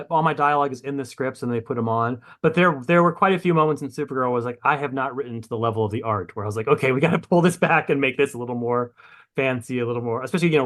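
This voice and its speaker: This podcast guest, a comic book writer, has a mid-range, slightly bright voice. His answers wander, he pokes fun at himself, curses casually, and keeps starting his sentences over.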